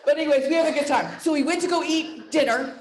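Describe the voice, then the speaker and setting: Excitable woman presenter in her 60s, high voice, echoey room, loud motivational storyteller. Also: fast, slight background noise. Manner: excitable, loud, laughs often. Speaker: presenter at a sales meeting.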